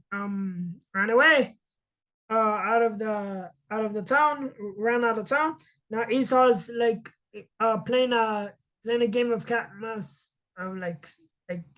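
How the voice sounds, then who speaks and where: A woman reads a Bible story aloud and then retells it in her own casual words. She talks slowly with plenty of fillers and restarts, in a fairly high voice. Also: a bit bright, rough recording. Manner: halting, many fillers and restarts.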